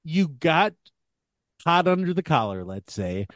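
A man in podcast chat, teasing with dry wit. His voice runs a little high and moves around a lot. It is recorded dry and close. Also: very animated, unhurried, fairly bright tone, no echo. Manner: wry, teasing. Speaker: podcast co-host. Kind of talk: casual chat.

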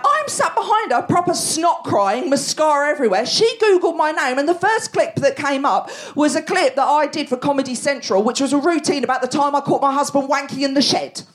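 A woman in her forties performing a brash, animated stand-up routine on a theatre stage. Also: sits high, a little fast, few pauses. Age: 40s. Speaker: stand-up comedian.

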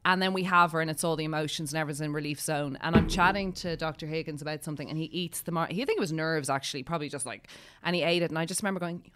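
A woman's voice: deep voice, a bit bright, slight background noise. A woman hosting a podcast, chatting casually with a blunt, frank manner. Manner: blunt, frank, quick banter. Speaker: podcast host. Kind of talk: casual chat.

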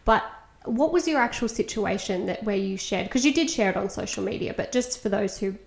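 A woman's voice: medium pitch, animated, fairly quick, gravelly. A woman hosting a podcast, encouraging her guest in casual interview chat. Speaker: podcast host. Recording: echoey room.

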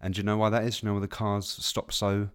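A man from England co-hosting a casual movie podcast with dry, deadpan humor. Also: lowish voice, fast talker, smooth. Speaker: podcast co-host.

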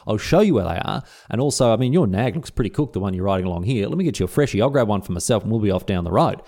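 A man's voice: on the low side, animated, rapid-fire, mellow. A man voicing a friendly, eager young male herdsman who talks in blokey slang. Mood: matey.

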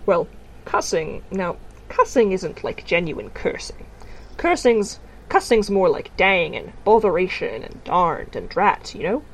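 A woman voicing a measured, skeptical grown witch who speaks slowly and diplomatically, a little dismissive. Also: on the low side, big pitch swings, slight background noise, poor audio.

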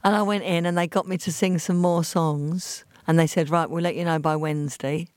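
A woman with an East London accent, a guest telling lively stories in a podcast interview and acting out the voices of the people in them. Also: lowish voice, moderate pace, no room sound, clean studio sound. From England. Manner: animated storyteller acting out quoted voices.

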